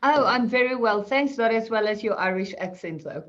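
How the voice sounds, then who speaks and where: A woman's voice: on the high side, animated, normal speed. Chatty woman on a muffled call. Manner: chatty, laughs often, self-deprecating. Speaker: property law expert panelist. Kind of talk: conversational explanation. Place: online video call. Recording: muffled video call audio.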